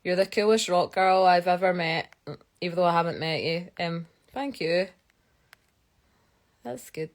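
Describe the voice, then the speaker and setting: A woman's voice: on the low side, unhurried, pauses often. A young Scottish woman, a geologist, chatting casually on a live stream, answering viewer questions in a rambling way with lots of fillers. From Scotland. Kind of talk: casual live-stream chat reading comments.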